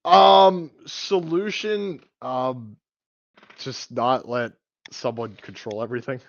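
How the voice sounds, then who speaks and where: A man giving a short, halting answer as a candidate in an online debate. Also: medium pitch, big pitch swings, no echo, dull audio. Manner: brief, halting, sighing. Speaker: mayoral candidate.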